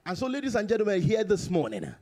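With a high-pitched voice and huge pitch swings, a man preaches in church as the pastor. His scripture reading is slow and emphatic, shifting from loud cries to quiet, drawn-out delivery.

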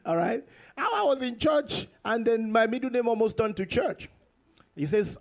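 A man preaching a sermon in church, reading scripture slowly and emphatically, swinging between loud exclamations and quiet, drawn-out lines. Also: sits high. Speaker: pastor.

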